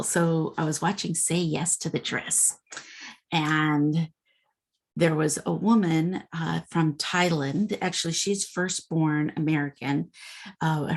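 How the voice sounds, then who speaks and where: A woman's voice: low voice, creaky, darkish tone. A woman instructor giving an informal lecture in a conversational way, with frequent fillers.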